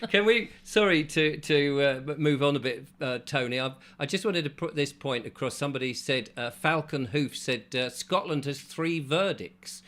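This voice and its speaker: A man's voice: medium pitch, moderate pace, hardly any pauses, a bit bright. A man hosting a casual group discussion, joking and self-deprecating. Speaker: host.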